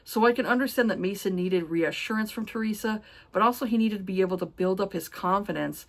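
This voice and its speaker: A woman talks through a book review in a loose, gushing way, full of fillers and little restarts. She reads from her notes now and then, then drifts back into chatty asides. Her voice sits in an ordinary middle pitch. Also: quick pace. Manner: gushing, rambling, many fillers. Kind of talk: casual book review chat.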